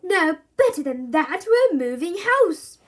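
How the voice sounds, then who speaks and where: Lady reading as a cheery no-nonsense dad, kinda high. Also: animated, moderate pace. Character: cheerful, firm father.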